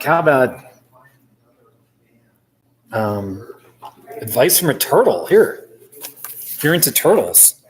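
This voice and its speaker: A man's voice: medium pitch, rough recording. A man chatting casually and rambling on a live stream from a coffee shop, chuckling often as he talks. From United States.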